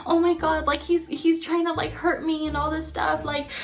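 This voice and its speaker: Woman putting on a frightened young man: high, frantic, begging. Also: level tone, moderate pace, vocal fry. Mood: panicked pleading. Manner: frantic, pleading, breathless. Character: panicked young man begging neighbors for help.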